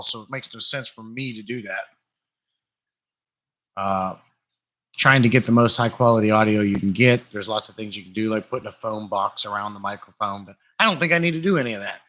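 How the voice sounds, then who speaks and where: This livestream host has a fairly low-pitched voice and a chatty, easygoing manner, greeting viewers by name during casual stream chat. A desktop USB condenser mic records him in a room filled with glass fish tanks.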